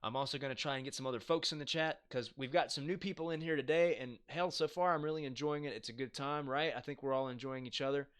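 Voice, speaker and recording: A man hosting a casual live stream, talking straight into his home mic in a bright, forward voice. His delivery is loose and chatty as he reads viewer comments aloud. He throws in swearing and makes jokes at his own expense. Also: mid-range voice, steady tone, fast talker, few pauses, clean tone. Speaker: livestream host.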